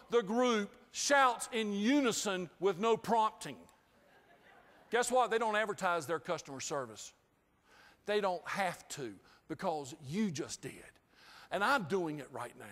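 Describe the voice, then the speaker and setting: A man giving an inspirational talk, telling a humorous story with lively, acted-out dialogue to a live audience. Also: high voice. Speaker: inspirational speaker. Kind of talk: storytelling keynote speech. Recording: hall reverb.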